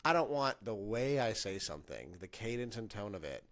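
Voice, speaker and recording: Podcast host, man in his late twenties: chatty, reflective, low-ish voice. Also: big pitch swings, moderate pace, fairly bright tone. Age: 20s. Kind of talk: casual chat.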